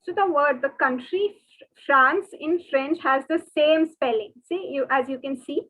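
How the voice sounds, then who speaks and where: High-voiced woman slowly teaching French. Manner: slow, repetitive, spells words out and drills pronunciation. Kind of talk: online language lesson. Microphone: video call. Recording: tinny phone-like webinar audio.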